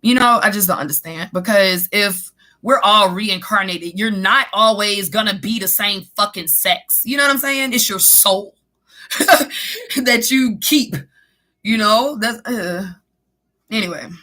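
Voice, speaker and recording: A woman's voice: mid-range voice, unhurried, pushed and bright. A young woman hosting a live stream, chatting casually with viewers in a rambling, profane way and laughing often. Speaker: live stream host and tarot reader. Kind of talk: casual live stream chat reading comments.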